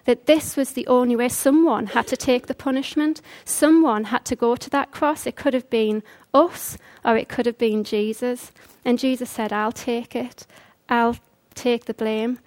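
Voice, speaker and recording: A woman's voice: a little high, moderate pace, few pauses, a little mellow. A woman preaching a conversational sermon, earnest and full of rhetorical questions.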